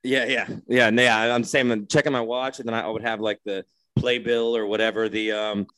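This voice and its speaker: A man's voice: lowish voice, flat delivery, moderate pace, a bit bright, smooth, dry recording. A man co-hosting a podcast in casual chat, laid-back and joking. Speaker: podcast co-host.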